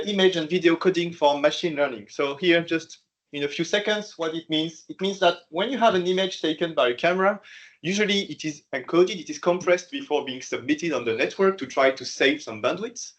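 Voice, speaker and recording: A man's voice: a little high, fairly bright tone, rough recording. A middle-aged man from France with a French accent, giving an academic lecture, hesitant with many fillers and light self-mocking jokes. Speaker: researcher giving a colloquium talk. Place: lecture room.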